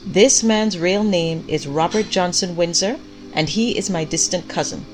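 A woman's voice: fairly low pitch, moderate pace, a little mellow, faint music behind, lightly acted. A woman reading aloud and voicing a determined churchgoing mother who speaks in a matter-of-fact, slightly breathless way. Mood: earnest.

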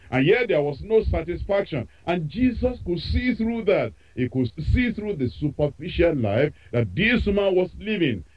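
Male preacher, lively emphatic sermon delivery, slightly high voice, dull lo-fi radio sound. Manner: emphatic, repetitive preaching cadence.

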